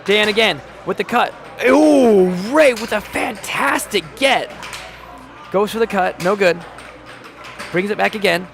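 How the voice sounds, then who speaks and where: High-pitched, gravelly man calling plays. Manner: rapid play-calling, reads chat aloud, jokey. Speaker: play-by-play commentator. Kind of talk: live-stream sports commentary. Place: home studio.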